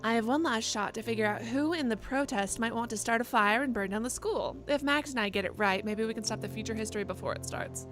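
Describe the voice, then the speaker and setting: A woman's voice: fairly high pitch, fast, hardly any pauses, over music. A woman streamer chatting and joking casually while playing a video game. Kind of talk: casual let's play commentary.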